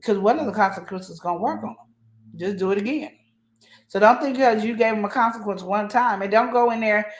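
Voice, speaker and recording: A woman's voice: medium pitch, fairly quick. A woman hosting a relationship advice show, talking emphatically and acting out the voices of the people she quotes. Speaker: host. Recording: echoey room.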